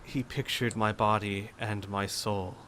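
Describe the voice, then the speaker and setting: A man voicing a newly resurrected man, quiet and sly, in a tabletop game. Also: lowish voice, fairly even intonation, unhurried, slight background noise. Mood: quietly mocking.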